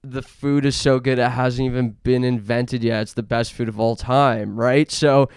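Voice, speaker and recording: A young adult man from Canada hosting a podcast, rambling through an absurd comedic monologue in a deadpan way, with lots of fillers. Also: mid-range voice, normal speed, clear, resonant tone, no echo, studio quality. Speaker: podcast host.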